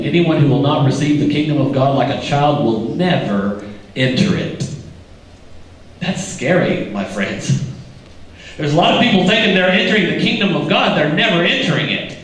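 Older male pastor, folksy and joking, questions the pews, heavy church echo, mic well off, faint room hum. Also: on the high side. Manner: folksy, joking, quizzes the congregation. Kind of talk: sermon. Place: church sanctuary. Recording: echoey church from a distance.

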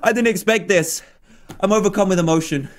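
A young man with a notably high voice narrates his gameplay in an excited, running commentary. He yelps and cheers at what happens on screen. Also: brisk, slight background noise. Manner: excitable, shouts and cheers at the game. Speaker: gaming channel host.

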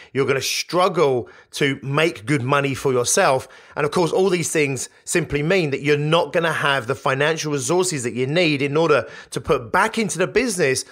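A man's voice: a little high, a bit bright. A man hosting a solo business podcast, coaching listeners in an emphatic, repetitive way. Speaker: podcast host.

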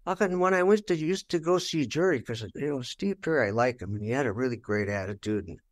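A man's voice: medium pitch, animated, fast talker. An older man giving a candid interview, telling stories bluntly and with a lot of swearing, and acting out what he said back then. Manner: blunt, profane, acts out his own past remarks. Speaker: rock guitarist interviewed.

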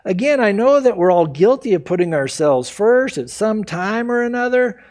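A man preaching an expository sermon as pastor, emphatic and animated, acting out the people he quotes. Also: high-pitched, normal speed. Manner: acts out quoted people in varied voices.

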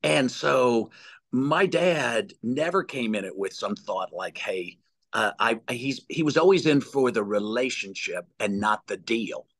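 A man telling lively stories as an interview guest, with many restarts and repeated words. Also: mid-range voice, measured pace, no room sound. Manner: animated storyteller with many restarts. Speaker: executive search guest. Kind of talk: storytelling interview answers.

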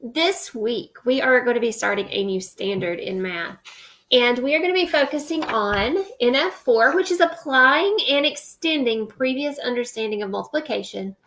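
A woman's voice: fairly high pitch, lively intonation, moderate pace, fairly bright tone. A woman teacher introducing a math lesson and reading a picture book aloud, checking in often with "okay?". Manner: friendly, checks in with repeated "okay?".

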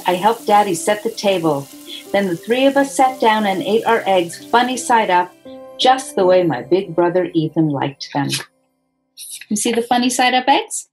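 A woman, the author, reading her children's picture book aloud in a gentle, expressive storytelling voice. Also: on the high side, husky, poor audio.

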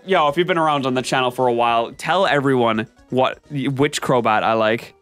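A man streaming gameplay commentary, chatting with his viewers in an animated, self-mocking and melodramatic way. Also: medium pitch, brisk, hardly any pauses, soft background music. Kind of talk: live-stream gameplay commentary, reading chat.

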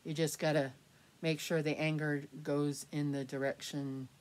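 Woman, low voice, middle-aged, casual vlog chat, rambling, soft laughs. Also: level tone, a little slow. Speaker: reborn doll collector vlogger.

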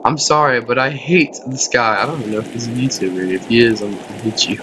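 A man narrating his game as he plays, chatty and self-mocking, laughing at his own mistakes. His pitch sits in an ordinary middle range. Faint rain noise hisses softly behind him. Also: quick pace, hardly any pauses. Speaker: gaming YouTuber. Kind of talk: casual let's-play commentary.

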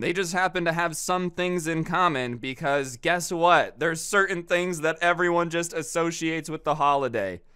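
Young man, clear smooth voice, casual storytime, sarcastic, exasperated. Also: fairly high pitch, a bit bright. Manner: exasperated, sarcastic, acts out quotes. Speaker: storytime YouTuber.

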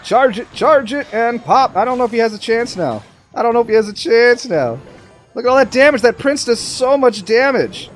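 Excitable high-voiced man commentating a game. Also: normal speed, soft background music. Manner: excitable, talks to the game and viewers. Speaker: gaming commentator. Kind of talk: live gameplay commentary.

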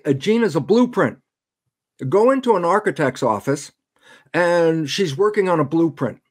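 An older man talks as a podcast guest in an animated lecture style, acting out little dialogues to make his points. His voice is somewhat husky and sits a bit high for a man. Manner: emphatic, acts out imagined dialogues.

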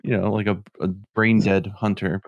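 A man's voice: fairly low pitch, little pitch movement, normal speed, no echo, lo-fi sound. A middle-aged man co-hosting a podcast, chatting casually and rambling with lots of filler words. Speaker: podcast co-host.

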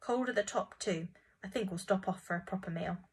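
A practical grown man who drives a lorry, read by a woman narrator talks in a plain, matter-of-fact way. The voice is husky and storybook-like. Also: mid-range voice, fairly quick, recorded from a distance.

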